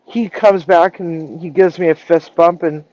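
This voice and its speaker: A woman's voice: fairly low pitch, steady tone, unhurried, mellow, no room sound, muffled recording. A woman chef telling a story in a casual live stream, acting out the dialogue and swearing freely. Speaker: chef and culinary director.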